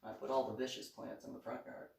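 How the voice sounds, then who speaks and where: A woman vlogger telling a story in a casual monologue, indignant and animated, acting out the dialogue. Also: extremely low pitch, fast, gravelly, a little hiss or hum. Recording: roomy echo, voice far from the mic.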